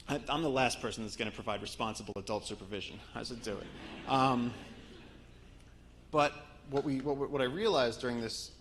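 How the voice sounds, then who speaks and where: A man's voice: mid-range voice, gravelly, a bit bright, slight background noise, rough recording. A man giving a storytelling talk to a live audience, sharing conversational anecdotes with frequent restarts. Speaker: guest speaker and author.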